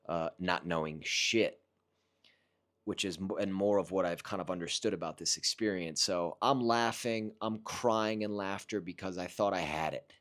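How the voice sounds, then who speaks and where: Man, low-pitched, earnest and reflective, casual first-person storytelling with halting restarts. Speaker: vlogger recounting a personal experience.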